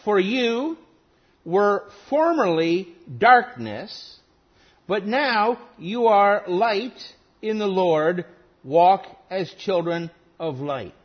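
Emphatic high-voiced male preacher, slow. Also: lively intonation. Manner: deliberate, emphatic, dwells on single words. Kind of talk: expository sermon. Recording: dull lo-fi sermon recording.

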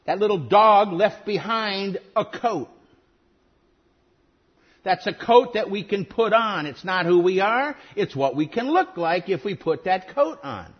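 Emphatic high-voiced male preacher, slow. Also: husky. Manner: deliberate, emphatic, dwells on single words. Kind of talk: expository sermon. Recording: dull lo-fi sermon recording.

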